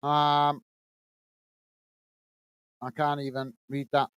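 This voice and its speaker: A man's voice: a little high, completely flat delivery, extremely slow, a bit bright, clear, resonant tone, dry recording. A British man hosting a live football watch-along stream, reading viewers' chat comments aloud in a friendly way and calling them mate.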